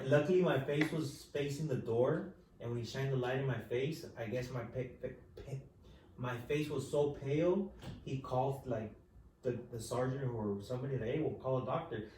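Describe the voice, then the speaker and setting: Casual male storyteller, mellow tone, profane and laid-back, caught from a distance on the mic. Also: medium pitch. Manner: relaxed, profane, says "dude" constantly. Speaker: podcast host telling a story. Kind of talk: casual chat. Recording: echoey room, distant mic, faint noise.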